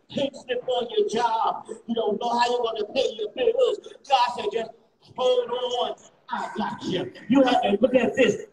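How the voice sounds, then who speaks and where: A man preaching a fervent sermon as a guest bishop, repeating refrains and rising to shouts. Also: very high voice. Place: church sanctuary. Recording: echoey church, distant mic, faint noise.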